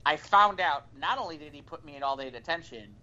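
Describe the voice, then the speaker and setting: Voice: mid-range voice, fairly quick. A podcast co-host telling a story in casual chat, acting out the quoted lines along the way. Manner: animated, acts out quoted dialogue. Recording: dull lo-fi recording.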